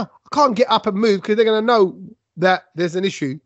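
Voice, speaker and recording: A podcast co-host with a voice that sits high talks fairly quickly in a casual chat, telling stories and acting out his own lines with big jumps in emphasis. The recording is dry, with a dull lo-fi sound.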